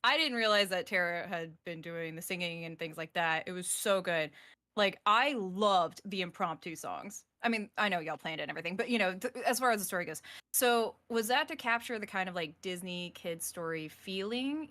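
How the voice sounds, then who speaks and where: A woman's voice: mid-range voice, animated, normal speed, sharp tone. A woman hosting a live-stream interview, chatty and gushing, laughing often and asking long, winding questions. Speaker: host.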